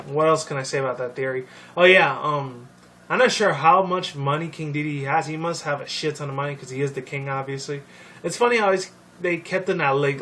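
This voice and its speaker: A young man rambling casually about a video game series, swearing often and filling pauses with ums and likes. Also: mid-range voice, fairly bright tone. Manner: profane, rambling, many fillers. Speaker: video commentator. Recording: distant mic with faint noise.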